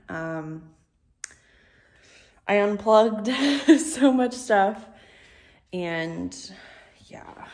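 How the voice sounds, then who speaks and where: A woman's voice: medium pitch, a little mellow. A young woman vlogging at home and in her car, talking in a chatty, nervous way with lots of fillers like "um" and "like". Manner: chatty and anxious, many fillers like "um" and "like". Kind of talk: casual vlog chat.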